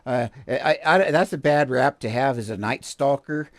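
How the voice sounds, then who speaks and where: A man's voice: mid-range voice, no room sound. A man hosting a video reaction show, talking bluntly and casually, swearing now and then and chuckling often.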